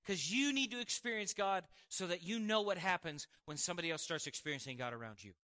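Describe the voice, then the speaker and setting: A man preaching a sermon and telling a personal testimony, animated, with quick asides and frequent laughs. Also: high-pitched. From Montana, United States.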